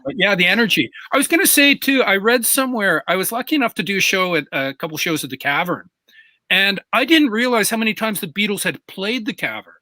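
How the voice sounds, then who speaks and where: Lively, animated, bright-voiced man. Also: sits high, brisk, no room sound. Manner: animated storytelling, eager questions. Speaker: guest drummer. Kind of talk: casual chat.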